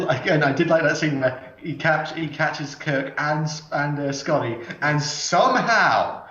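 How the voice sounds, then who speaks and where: A man's voice: a little high, fairly bright tone. Man with a roomy, muffled recording. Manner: rambling, hesitant, often restarting sentences. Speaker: podcast host. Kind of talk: casual chat. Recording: echoey, dull lo-fi sound.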